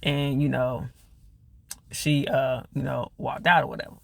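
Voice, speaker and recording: Gravelly man chatting through a TV recap. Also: mid-range voice, level tone, unhurried, a bit bright, no echo. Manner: chatty slangy retelling, lots of fillers. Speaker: TV reviewer. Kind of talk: casual TV episode recap.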